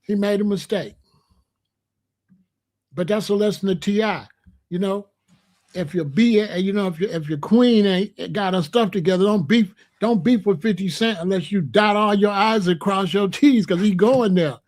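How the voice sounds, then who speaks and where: A man's voice: high voice, moderate pace, darkish tone. A man giving opinionated commentary in a vlog, talking emphatically, repeating himself and using slang. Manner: emphatic, repetitive, slangy, preachy. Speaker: rap commentator.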